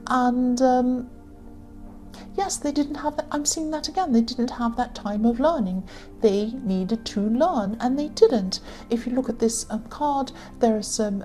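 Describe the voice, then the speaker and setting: Female tarot reader, higher pitch, warm tone, halting delivery that keeps correcting itself. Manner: halting, many fillers and self-corrections. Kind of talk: tarot reading to camera.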